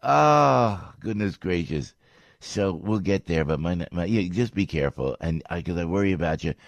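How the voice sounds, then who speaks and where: An older man delivers rambling, exasperated commentary, tripping over restarts as he goes. His voice sits very low, and the sound is close and dry, with no room around it. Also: normal speed, a little mellow, no room sound. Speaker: political commentator. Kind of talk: ranting commentary.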